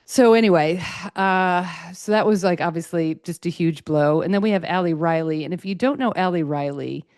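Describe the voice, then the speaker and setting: A woman's voice: fairly low pitch, normal speed, darkish tone, no echo, clean studio sound. A woman hosting a sports podcast, chatting casually and getting emotional as she gushes. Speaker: podcast host.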